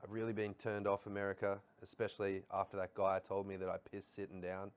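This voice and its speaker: Australian male co-host, lower register, easygoing conversational delivery. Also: completely flat delivery, fast, smooth. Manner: laid-back, reflective, laughs easily. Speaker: podcast co-host. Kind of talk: casual chat.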